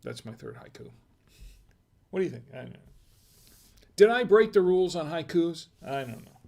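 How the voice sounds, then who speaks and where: This American wine review streamer is a talkative guy with a somewhat high, slightly mellow voice that turns creaky and sing-song. Moving at an even pace through his casual livestream, he reads out chat messages and keeps quizzing his audience.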